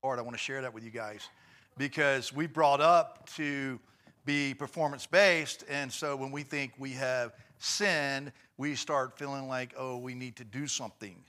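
A man hosting a faith talk show, commenting in an animated, excitable way. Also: unhurried. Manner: excitable, mimics preachers in high voices.

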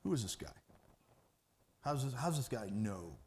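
A man preaching a sermon as pastor, animated and conversational, jumping from loud bursts to hushed asides. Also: mid-range voice, a little slow.

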